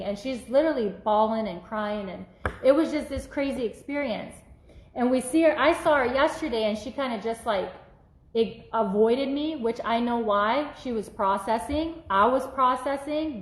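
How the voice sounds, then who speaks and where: A woman minister telling a personal testimony in an animated, casual way, acting out the voices she quotes. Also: on the high side, moderate pace, roomy sound, rough recording.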